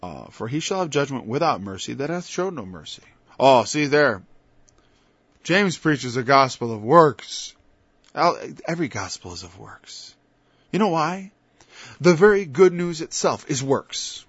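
A man preaching an informal sermon, moving from quiet asides to loud, emphatic passages and quoting scripture in old-fashioned wording. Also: mid-range voice, very animated, measured pace, breathy edge, no room sound. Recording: dull, lo-fi sound.

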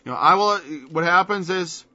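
A man's voice: high voice, expressive, moderate pace, bright, forceful tone, no room sound. A man preaching a sermon in an emphatic style, firing off mocking rhetorical questions. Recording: dull lo-fi dry recording.

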